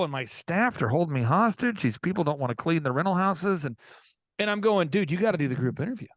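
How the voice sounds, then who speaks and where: A male podcast host tells animated stories with high energy and a fast pace, voicing both sides of each conversation. His high voice swoops widely, captured in a close, dry studio recording with no room sound.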